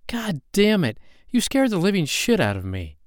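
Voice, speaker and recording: A man's voice: mid-range voice, big pitch swings, a little slow, darkish tone, dry recording, clean studio sound, pitched above the performer's own voice. A man voicing a jumpy, squeamish young woman who keeps protesting in exasperation. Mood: exasperated.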